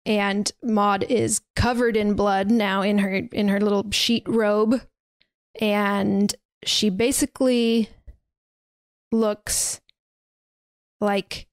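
A woman's voice: medium pitch, flat delivery, slow pace, pauses often, clean tone, no echo. A young woman on a podcast, retelling a horror film casually, with lots of "like" and little laughs. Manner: chatty, many fillers like "like", laughs while retelling. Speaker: podcast host recapping a film. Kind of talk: casual film recap storytelling.

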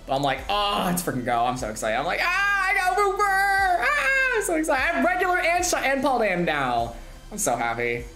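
Bubbly young woman streamer, lively pitch. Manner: bubbly, laughing, squealing with excitement. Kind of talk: excited gameplay streaming chat. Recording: echoey room with music behind.

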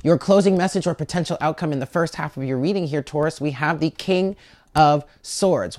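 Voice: medium pitch, brisk, darkish tone, dry recording, studio quality. A tarot reader giving a casual monthly reading to the camera, chatty, often checking in with the listener and stumbling over repeated words.

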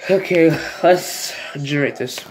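A man's voice: a little high, unhurried, darkish tone, a little hiss or hum. A man with a Southern US accent hosting a casual slang quiz, guessing aloud and talking straight to his viewers. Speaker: show host.

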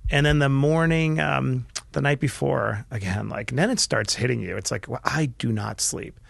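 Gravelly-voiced man telling a personal story. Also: medium pitch, normal speed, no echo. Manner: earnest and emotional, with frequent restarts and quiet dips. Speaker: podcast guest, entrepreneur. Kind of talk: candid storytelling conversation.

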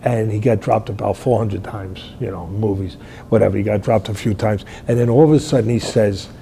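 An older man, hosting a fight talk show, telling stories in a rambling way and shouting out quoted lines. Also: fairly low pitch, a little fast, gravelly, slight background noise. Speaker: boxing trainer and show host. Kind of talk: animated fight analysis chat.

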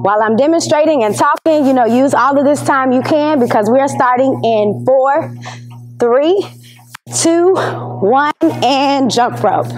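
Woman PE teacher, high voice, slow deliberate delivery, counting reps, slightly out of breath, faint music behind. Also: low-quality recording. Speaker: PE teacher leading exercises. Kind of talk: instructional exercise lesson.

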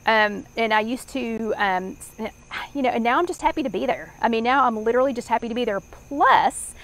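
A woman's voice: fairly high pitch, fast talker, low-quality recording. A middle-aged woman with a Southern US accent, hosting a live online workshop chat in a rambling, chatty way with many fillers. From American South.

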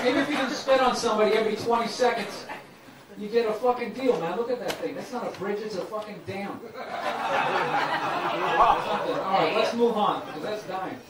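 A man's voice: high voice, very noisy. A man roasting a fellow comic on stage, brash and profane with mocking put-downs. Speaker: roast comedian. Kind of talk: insult comedy on stage. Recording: echoey hall, far from the mic, roaring crowd. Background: audience laughter and applause.

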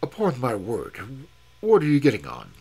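A man reading aloud and voicing a fierce, hot-tempered male explorer in a gruff, threatening, low voice with a husky tone. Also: wildly swooping pitch, normal speed, dark tone, exaggerated voice. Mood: defiant.

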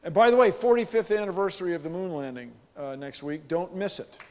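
A man from the United States giving an animated, joking conference keynote to a live audience. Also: high voice, a little fast, heavy background noise. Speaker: keynote speaker. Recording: long hall reverb.

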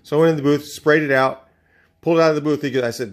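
A man's voice: on the high side, steady tone, very fast. A man who used to paint cars, talking casually to the camera in a blunt, opinionated way and telling rambling stories full of restarts. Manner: rambling storytelling with many restarts. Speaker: garage channel host, former auto painter.

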